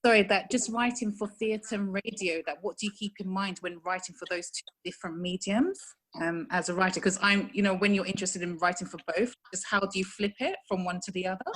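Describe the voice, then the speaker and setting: A woman's voice: medium pitch, steady tone, a little fast, few pauses, a bit bright, rough recording. A woman asks her question tentatively, rephrasing as she goes. Her voice sits in the middle range. She speaks casually. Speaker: workshop participant.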